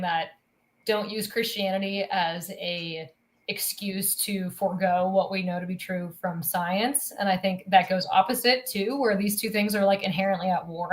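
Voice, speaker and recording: A thoughtful woman co-hosts a casual podcast about faith. She lays out her views fluently and carefully. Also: mid-range voice. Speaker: podcast co-host.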